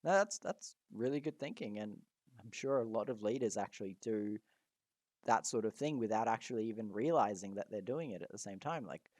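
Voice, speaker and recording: A man's voice: fairly low pitch, expressive, a little fast, darkish tone, no room sound. Upbeat young man, dry sound. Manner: upbeat and encouraging, laughs readily. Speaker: podcast co-host. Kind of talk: casual podcast interview.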